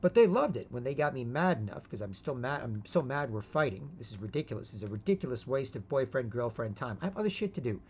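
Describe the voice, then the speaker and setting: A man in a long rambling monologue, mid-pitched, who stumbles over repeated words and keeps asking 'right?'. The recording sounds dull and lo-fi, with a faint hiss of noise under it. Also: sing-song, fast, hardly any pauses, darkish tone. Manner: rambling, repeats words and asks 'right?' often, switches into put-on quotes. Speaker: vlogger.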